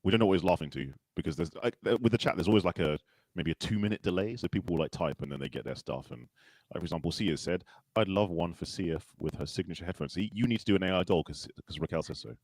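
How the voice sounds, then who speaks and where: A man with a very deep voice rattles along quickly in casual livestream banter. He jokes around and reads out viewer comments, and his sound is close and dry. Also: darkish tone, no room sound. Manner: quick, joking, reads chat aloud.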